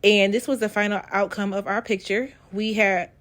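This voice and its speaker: A woman's voice: medium pitch, steady tone, moderate pace, noisy background. Woman vlogging at an animal park, chatty and teasing, camera in hand. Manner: chatty, joking, teasing banter. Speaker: travel vlogger. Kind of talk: casual travel vlog. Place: outdoor wildlife park.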